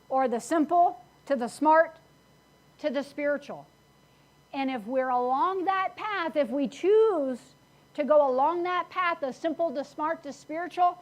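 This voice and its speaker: A woman's voice: sits high, rough recording. A woman pastor preaching a conversational sermon, plain-spoken and self-teasing, leaning hard on key words. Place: church service.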